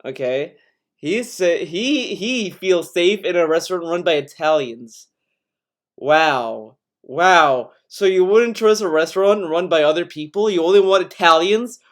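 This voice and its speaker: Greek guy streaming, high voice, mocking and swearing a lot while he reacts. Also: measured pace, fairly bright tone. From Greece. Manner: sarcastic, profane, laughs often.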